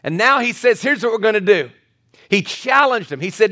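A male pastor preaching a sermon, telling a Bible story with animated, acted-out quotes. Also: high voice, moderate pace.

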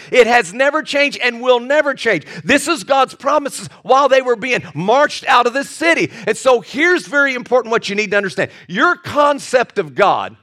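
Impassioned high-voiced male preacher. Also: sharp tone. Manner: impassioned, repeats words and restarts often, asks the congregation questions. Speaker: pastor. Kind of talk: sermon.

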